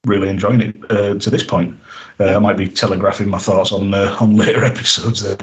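A man's voice: fairly low pitch, little pitch movement, a little fast, poor audio. A man hosting a podcast, chatting casually with frequent fillers, restarts and laughter. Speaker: podcast host.

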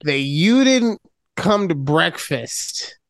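A woman's voice: lowish voice, very animated, very slow, dry recording, clean studio sound. A woman co-hosting a podcast in casual chat, teasing her friend and mimicking voices. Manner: playful, teasing, with exaggerated mimicry. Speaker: podcast co-host.

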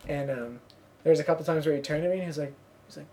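A woman's voice: low-pitched, racing, mellow. A young woman hosting a podcast, chatting casually and telling rambling stories full of fillers and "like". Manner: rambling storyteller, lots of "like" and fillers. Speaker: podcast host. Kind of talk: casual chat.

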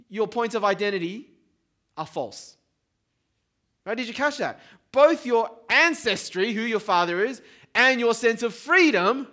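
A man gives a chatty, lively sermon and gets the congregation to say words with him. His voice sits fairly high and sounds bright and clear. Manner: lively and conversational, asks the congregation to repeat words. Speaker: pastor.

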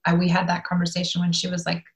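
A woman in her thirties in casual conversation, telling family stories candidly and with lively energy. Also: on the low side, quick pace, poor audio. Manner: candid, animated storytelling with laughs. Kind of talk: casual chat.

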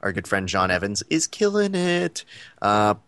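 Man, podcast co-host, rambling casual chat, low voice, dry sound. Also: big pitch swings, unhurried, fairly bright tone, clear, resonant tone, no room sound. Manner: rambling, many fillers, laughs often.

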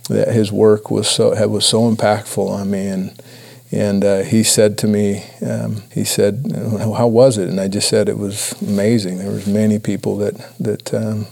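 A man giving a personal testimony talk to a church audience, earnest and halting with many restarts. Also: on the low side, little pitch movement, creaky, a little mellow. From Idaho, USA. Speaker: church speaker.

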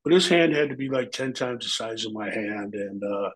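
A man's voice: on the low side, expressive, normal speed, poor audio. A middle-aged man, a former pro wrestler, telling rambling, profane stories in an interview, acting out the voices of people he quotes. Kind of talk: casual anecdotal storytelling.

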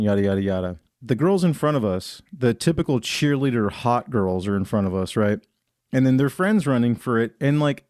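A young man on a podcast tells a story in loose casual chat, swearing freely and putting on voices for the people in it. His pitch swings widely. The sound is dry and close to the mic. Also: darkish tone, dry recording. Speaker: podcast co-host.

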